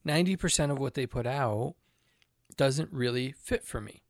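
Gravelly-voiced man in animated chat. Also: medium pitch, moderate pace, dry recording, studio quality. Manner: animated, talks through ideas with many restarts. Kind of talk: casual conversation.

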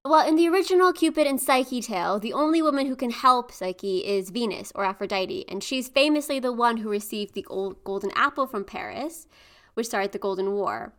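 A woman's voice: on the high side, expressive, normal speed, a bit bright. Thoughtful woman explaining folklore. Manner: informative, thoughtful. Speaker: podcast co-host explaining folklore. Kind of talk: casual explanatory chat.

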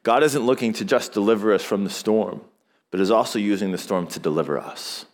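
A male pastor gives a conversational sermon, posing rhetorical questions and acting out short quotes. His voice is fairly low and he speaks a little fast.

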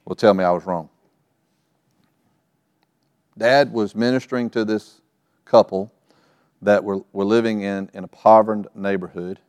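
Low-voiced preacher man, storytelling. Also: darkish tone, no room sound, studio quality. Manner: storytelling preacher, acting out family scenes. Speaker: pastor. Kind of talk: sermon. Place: church sanctuary.

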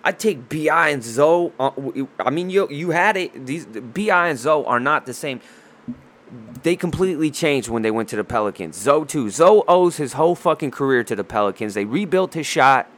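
A man's voice: on the high side, animated, normal speed, a bit bright. Profane, heated man ranting about basketball. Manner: heated, profane, trash-talking; rambling with restarts and asides. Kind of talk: casual sports rant.

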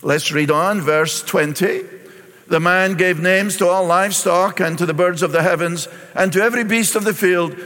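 A middle-aged pastor, preaching a sermon and reading scripture aloud before explaining it. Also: male voice, high-pitched, moderate pace, a bit bright. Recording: long reverb in a large hall.

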